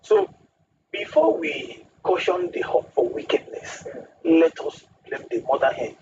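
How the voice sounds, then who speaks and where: A man's voice: sits high, huge pitch swings, unhurried, creaky. A man, a guest on a radio talk show, speaking emphatically and using proverbs. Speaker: studio guest. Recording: distant muffled radio studio with hiss.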